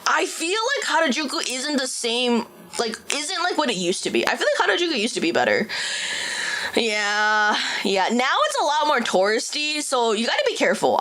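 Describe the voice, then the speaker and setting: A woman's voice: high voice, bright, forceful tone. A woman VTuber chatting casually on a livestream, swearing freely and laughing often. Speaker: VTuber streamer.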